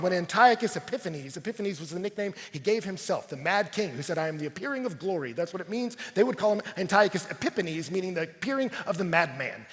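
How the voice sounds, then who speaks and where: A man preaching a sermon to a large crowd, swinging from hushed, slow lines to shouting. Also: fairly high pitch, expressive. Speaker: pastor. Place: large arena. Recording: live arena with long reverb.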